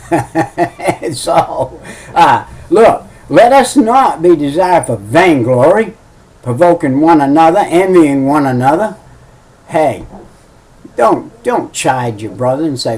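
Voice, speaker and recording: A man's voice: on the high side, expressive, takes it slowly, darkish tone, poor audio. A middle-aged man preaching a sermon in a folksy, emphatic way, often repeating his key phrases.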